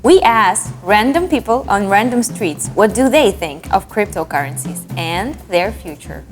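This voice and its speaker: A woman hosting a news show, reading a lively, playful script. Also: medium pitch, measured pace. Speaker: news host. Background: music.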